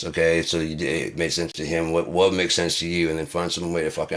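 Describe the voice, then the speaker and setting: A man's voice: deep voice, level tone, fairly quick, few pauses, a bit bright. A man hosting his own channel, swearing through an angry rant and acting out both sides of arguments himself. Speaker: channel host. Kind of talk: angry ranting monologue.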